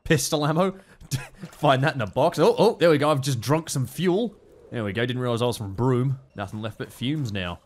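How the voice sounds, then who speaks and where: Excitable Australian gamer, lively pitch. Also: male voice, moderate pace. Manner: excitable, swears a lot, laughs often. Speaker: gaming YouTuber. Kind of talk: let's play commentary.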